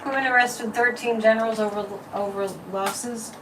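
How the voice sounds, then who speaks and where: A woman hosting a psychic livestream, reading viewer comments and pulling tarot cards in an opinionated, casual chat with lively swings in pitch and loudness. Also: normal speed. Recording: distant mic with faint room noise.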